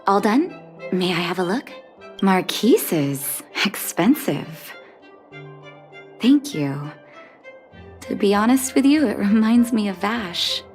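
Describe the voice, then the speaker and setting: An actress voicing a calm, caring young woman doctor in a game cutscene, speaking in a measured way. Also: mid-range voice, soft background music. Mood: earnest, warm. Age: young adult.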